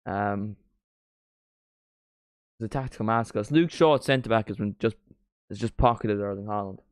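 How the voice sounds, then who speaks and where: A man hosting a live football watchalong, his voice sitting fairly low. He rambles casually between quick play-by-play calls, recorded dry and close with little room sound. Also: clear, resonant tone, dry recording. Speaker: watchalong streamer.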